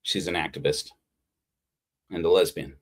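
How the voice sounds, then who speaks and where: A man's voice: extremely low pitch, fairly even intonation, normal speed. A man preaching a casual, heartfelt sermon on a livestream, rambling with frequent restarts. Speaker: pastor. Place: Utah.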